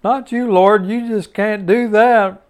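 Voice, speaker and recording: A man's voice: sits high, steady tone, takes it slowly, clean tone, pitched above the performer's own voice. A man voicing a brash, impulsive male disciple who protests emphatically in a raised voice. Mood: protesting.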